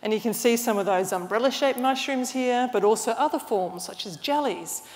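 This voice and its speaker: A woman's voice: on the high side, normal speed, darkish tone. A woman giving an enthusiastic, explanatory illustrated lecture, restarting phrases now and then. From Australia. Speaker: mycologist giving a talk. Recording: long hall reverb.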